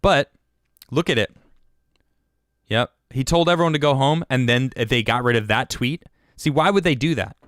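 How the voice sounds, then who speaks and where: A man's voice: mid-range voice, normal speed, pauses often, fairly bright tone, no room sound, studio quality. A man hosting a livestream and giving heated political commentary. He stammers, restarts and repeats his words. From United States. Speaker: show host.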